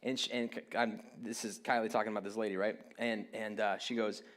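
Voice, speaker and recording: A man's voice: fairly low pitch, flat delivery, brisk, fairly bright tone. A man in his late thirties preaching a sermon, telling a rambling, self-deprecating story with frequent restarts. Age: 30s. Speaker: pastor.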